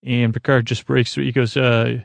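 A man's voice: medium pitch, level tone, normal speed, gravelly, dry recording. A man hosting a podcast, recapping an episode in a meandering, sleepy ramble full of uh fillers. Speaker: podcast host.

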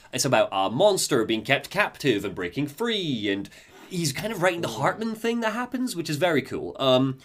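Podcast host, male, enthusiastic lore recap, animated intonation. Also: fairly high pitch. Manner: enthusiastic, laughs easily. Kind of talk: casual chat, game lore recap.

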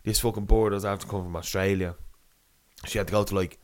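A man's voice: deep voice, steady tone, quick pace. A young man telling a long, rambling anecdote in casual chat, swearing and laughing as he goes. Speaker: storyteller.

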